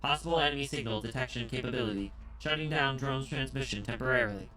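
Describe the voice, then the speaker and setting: A terse male field engineer reports in a flat, clipped, mechanical cadence, as a man puts him on while reading a game story aloud. The tone is bright and sharp-edged, every phrase delivered like a status readout. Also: mid-range voice, fast talker, soft background music, close to an everyday voice, rough recording.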